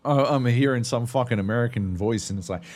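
A man's voice: medium pitch, fast, darkish tone. A man, co-hosting a podcast, telling stories in a profane, rambling, casual way. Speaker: podcast co-host. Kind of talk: casual chat.

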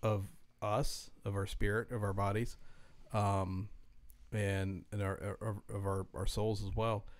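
Flat-voiced, lower-pitched man. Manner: halting, with many restarts. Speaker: podcast co-host. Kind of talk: casual chat.

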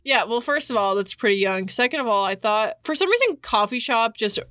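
Female co-host, lively pitch, close and dry, chatty and quick with jokes. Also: dry recording. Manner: chatty, reactive, joking asides. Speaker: podcast co-host. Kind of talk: casual chat.

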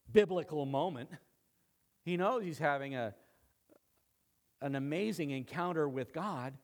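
Slow, dramatic preacher with a high voice. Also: male voice, darkish tone. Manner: slow, dramatic, acts out quoted lines; conversational asides with fillers. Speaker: pastor. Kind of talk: expository sermon.

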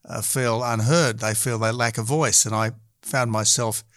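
A middle-aged Australian man, a politician being interviewed, who argues in a measured way and often hesitates. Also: mid-range voice, steady tone, fairly bright tone, no echo, studio quality. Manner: measured and argumentative, frequent hesitations. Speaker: politician guest.

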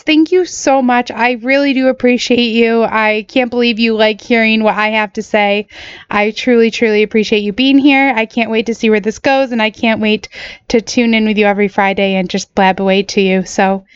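A woman's voice: a little high, fairly even intonation, clear, resonant tone, dry recording, lo-fi sound. Earnest woman podcast host, choked up. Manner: earnest, halting, apologetic. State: choked up, voice sounds different. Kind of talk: solo podcast talk.

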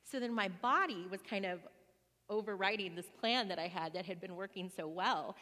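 A woman in her thirties talks through a personal story in a loose, meandering way, often restarting her sentences and filling pauses. Her voice sits at a middle pitch and carries a long reverb tail, as if she is in a large space. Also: bright, forceful tone. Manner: rambling, with many fillers and restarts. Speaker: single mom sharing a testimony.

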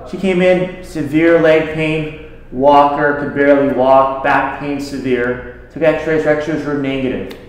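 A man who treats patients, talking casually to a group and telling stories about his patients. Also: fairly high pitch. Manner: conversational, tells patient stories. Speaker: health practitioner treating patients. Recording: very echoey room.

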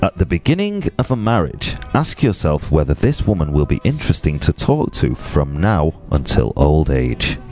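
A man co-hosting a podcast, chatting casually and reading out quotes with a playful, drawn-out delivery. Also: a bass voice, very animated, a little mellow, soft background music. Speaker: podcast co-host.

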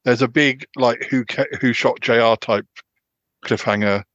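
A man hosting a casual podcast chat, talking haltingly with many restarts and fillers. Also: medium pitch, steady tone, fairly bright tone, dry recording. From United Kingdom. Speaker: podcast host. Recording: dull, lo-fi sound.

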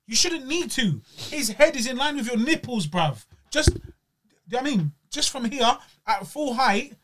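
A man's voice: very high-pitched, lively intonation, normal speed, noisy background. A man with a London accent, co-hosting a podcast and critiquing a boxing match in casual, slangy chat. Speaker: podcast co-host.

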